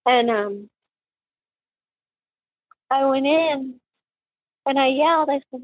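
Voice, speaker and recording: A woman, a mother, recounting a personal tragedy in halting, emotional speech with many fillers and restarts. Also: sits high, no echo, phone-quality sound. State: tearful, emotional. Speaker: mother of a crime victim.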